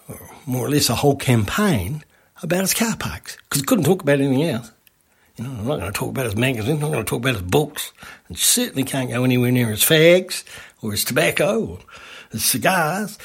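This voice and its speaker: Gravelly, husky storyteller man. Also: medium pitch, expressive, a little fast. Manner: rambling, lots of restarts. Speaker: radio ad salesman. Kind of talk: casual storytelling.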